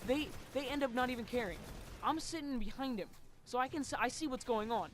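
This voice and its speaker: A casual storyteller rambles through a story time over gameplay, leaning on constant fillers and dropping the odd swear word. The voice sits at a middling pitch, with a faint hiss of noise underneath. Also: brisk, a bit bright.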